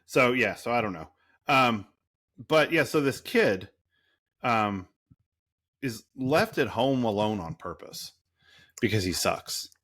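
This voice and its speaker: Male podcast co-host, medium pitch, rambling and profane, dead-dry studio sound. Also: lively intonation, slow pace, long pauses, fairly bright tone, no echo. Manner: rambling, profane, full of fillers and restarts. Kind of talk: casual chat.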